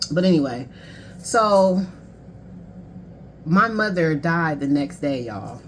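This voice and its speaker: A woman's voice: on the low side, animated, moderate pace, slight background noise. A woman in her thirties, a life coach, candidly telling a painful personal story in a casual, conversational way. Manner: candid, conversational, emotional, quoting others.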